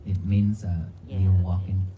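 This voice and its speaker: Man, Buddhist monk, lowish voice, calm outdoor dharma talk, noisy livestream. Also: moderate pace, phone-quality sound. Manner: calm, repetitive, asks the crowd questions. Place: outdoors at a cemetery.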